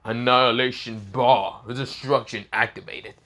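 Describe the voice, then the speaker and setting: A man doing a proud, boastful black dragon, telling everyone he is the mightiest being alive. The voice stays bright and fairly ordinary, with a slightly sore throat, like someone reading a fan-made storybook aloud. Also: mid-range voice, fairly even intonation, normal speed.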